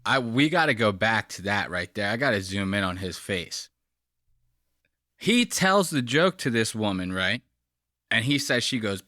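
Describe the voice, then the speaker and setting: A man's voice: medium pitch, expressive, moderate pace, sharp tone, no room sound, clean studio sound. A man hosting a reaction channel, giving profane, mocking casual commentary on a clip.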